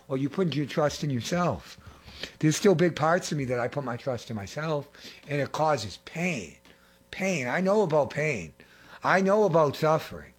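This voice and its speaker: A middle-aged man preaching a fervent sermon, repeating phrases and swinging between loud and hushed. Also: on the high side, husky. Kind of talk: impassioned sermon.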